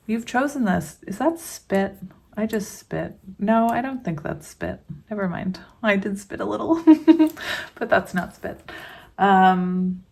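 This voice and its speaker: A woman chatting casually through a tarot card reading for her viewers, slow and unhurried, with frequent giggles. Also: medium pitch, lively intonation, creaky, a little mellow. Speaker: tarot reader.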